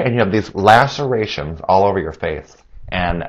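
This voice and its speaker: Speaking at a moderate pace, this solo podcast host sounds animated and slightly nasal as he chats and rambles. He laughs at his own jokes and raises his pitch when voicing what others said.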